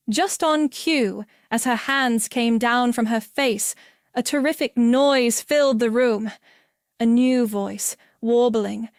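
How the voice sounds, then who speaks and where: A woman reading a mystery story aloud in a clear, measured narration. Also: a little high, no echo, clean studio sound. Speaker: audiobook reader.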